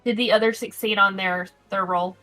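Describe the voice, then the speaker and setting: A woman playing a tabletop game, chatty and quick to offer rule tips. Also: medium pitch, steady tone, sharp tone, soft background music. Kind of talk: casual game chat.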